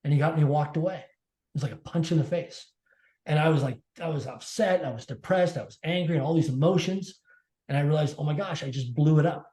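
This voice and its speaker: A man's voice: on the high side, brisk, mellow. Emphatic man with a raised voice, echoey. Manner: emphatic, repeats key phrases. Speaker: podcast guest. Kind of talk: personal storytelling in an interview. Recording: echoey room.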